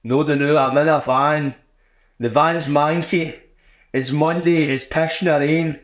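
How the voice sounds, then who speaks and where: A man's voice: fairly high pitch, fairly even intonation, unhurried, reverberant, lightly acted. Man doing a grumbling Glaswegian labourer. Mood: weary grumbling. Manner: crude, self-pitying rant. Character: weary, grumbling male ground worker on a wet Monday.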